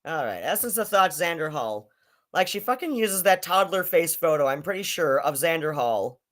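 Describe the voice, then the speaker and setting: A man's voice: fairly high pitch, big pitch swings, normal speed, fairly bright tone. A man hosting a casual live-stream commentary, rambling and swearing, with many fillers and restarts.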